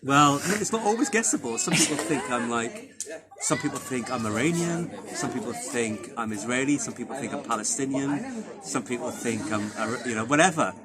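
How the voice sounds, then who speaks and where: A man with a Welsh accent talks at length in a loose, animated way, circling back and restarting as he goes. His pitch sits in a middle range. A busy crowd carries on clearly behind him. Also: moderate pace. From Wales. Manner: rambling, animated, chatty with restarts. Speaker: guitarist. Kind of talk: casual backstage interview. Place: backstage after a gig. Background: crowd noise.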